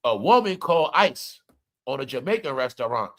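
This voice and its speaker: A man's voice: medium pitch, big pitch swings, moderate pace, a bit bright. A man ranting comedically and profanely to his viewers, calling them y'all and preaching his point. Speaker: commentary vlogger.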